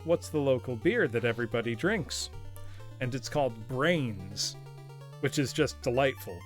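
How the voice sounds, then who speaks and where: An American man hosting a live game stream, telling a story casually and laughing often. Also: medium pitch. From United States. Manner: chatty storyteller, laughs often, reads chat aloud. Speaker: streamer host. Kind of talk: casual live-stream chat while gaming.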